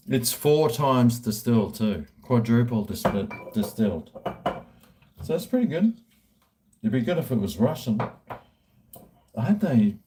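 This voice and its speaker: A middle-aged Australian vlogger answers viewer questions in a casual chat, rambling and cracking crude jokes. His voice is medium-pitched, with background noise.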